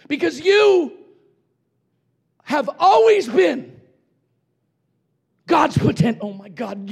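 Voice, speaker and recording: Middle-aged man, fiery revival preacher; high gravelly voice, pushes the crowd to shout back. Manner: impassioned, shouting, calls for congregation response. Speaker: pastor. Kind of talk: revival sermon.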